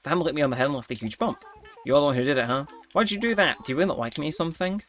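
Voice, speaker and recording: Man voicing a wounded, whiny animal villager from a cute life-sim game, a little higher than his usual pitch and pushed a bit louder. She sounds mock-indignant, complaining about being picked on. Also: expressive, rapid-fire, soft background music. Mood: aggrieved. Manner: reads game dialogue aloud, mock-indignant.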